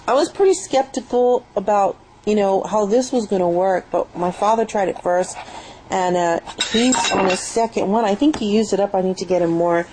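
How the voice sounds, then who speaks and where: A woman's voice: medium pitch, mellow, rough recording. A young woman chatting enthusiastically at home in a rambling product review, recorded on a built-in webcam mic. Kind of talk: casual spoken product review.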